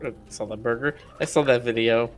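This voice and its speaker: A man's voice: medium pitch, steady tone, brisk, faint music behind. A man in casual, joking chat while streaming a game.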